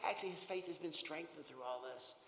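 A man preaching a sermon, earnest and emphatic, often repeating words and dropping from loud stress to a near-whisper. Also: on the high side, fast. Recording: long hall reverb.

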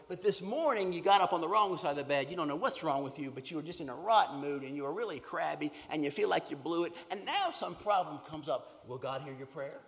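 A man preaching a sermon as pastor, shifting between hushed, whispered lines and loud, emphatic ones. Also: fairly high pitch. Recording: reverberant hall.

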